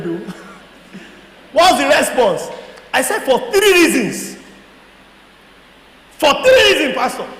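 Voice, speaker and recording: A high-pitched Nigerian guest speaker gives a lively personal testimony to a church audience, voicing both sides of his conversations and at times laughing and shouting. The animated storytelling is recorded in an echoey hall with faint background noise.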